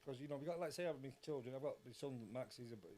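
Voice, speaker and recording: A man's voice: medium pitch, very fast, a crowd in the background. A man chatting as a podcast guest, rambling and swearing freely. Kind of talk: casual chat.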